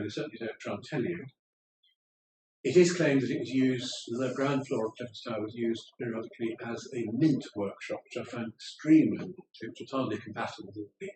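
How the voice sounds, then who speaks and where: A man giving a public lecture with slides, measured and digressive, with wry asides. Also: mid-range voice. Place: lecture room in an old house. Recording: roomy room, speaker far from the mic, faint ambience.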